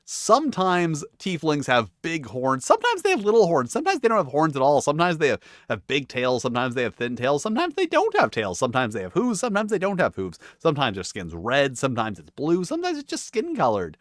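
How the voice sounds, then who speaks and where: A man's voice: on the high side, wildly swooping pitch, quick pace, few pauses, dry recording, studio quality. A man hosting a tabletop game video, chatting casually in a rambling, self-mocking way with frequent swearing. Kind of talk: casual chat.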